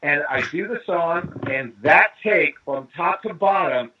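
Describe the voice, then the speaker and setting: A man's voice: fairly high pitch, a little slow, a little hiss or hum. A man from East Los Angeles, a drummer guesting on an interview, telling a long anecdote and acting out the voices of the people in it, heard over a phone line. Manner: lively storyteller acting out quoted dialogue. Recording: tinny phone-line call.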